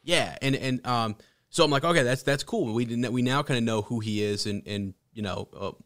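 A man hosting a casual book podcast, chatting in a rambling, halting way with many restarts. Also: mid-range voice, steady tone, fairly bright tone. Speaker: podcast host. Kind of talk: casual book discussion with read-aloud passages.

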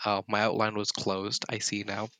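A woman's voice: a bass voice, flat delivery, moderate pace, over a noisy crowd. A woman chatting casually with friends before a script reading, easygoing. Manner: laughing, easygoing. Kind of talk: casual chat among friends.

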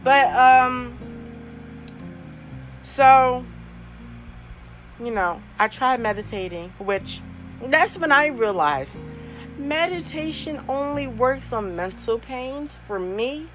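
A woman's voice: high-pitched, animated, takes it slowly, pauses often, fairly bright tone, faint music behind, poor audio. A young woman hosting her own podcast, telling a personal story in a casual, chatty way with frequent laughs and fillers. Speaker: podcast host.

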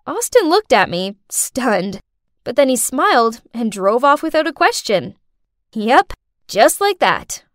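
A woman narrates her own story with expressive, dramatic flair. Her voice is high and moves lively up and down. The recording is close and dry, with no room sound. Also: takes it slowly, no echo. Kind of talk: first-person story narration.

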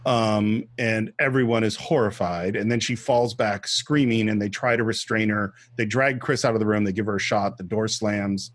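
A man's voice: fairly low pitch, steady tone, moderate pace, few pauses, no echo. A man co-hosting a film podcast, casually retelling scenes step by step and acting out quotes. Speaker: podcast co-host. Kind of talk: casual film-discussion chat.

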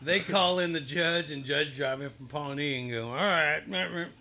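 A man's voice: fairly high pitch, crowd noise. A man from Osage County, Oklahoma, trading jokes in a casual chat and laughing often. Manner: joking, laughing, quick banter.

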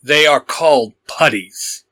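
A man's voice: on the high side, takes it slowly, sharp tone, dry recording. A man voicing a stern young male vigilante who gives clipped, firm commands in a fan audio story.

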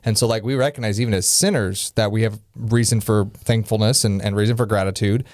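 Earnest low-voiced male co-host, dry sound. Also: steady tone, a little fast, a little mellow, no room sound. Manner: earnest, builds to preachy emphasis. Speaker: podcast co-host. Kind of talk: casual faith discussion.

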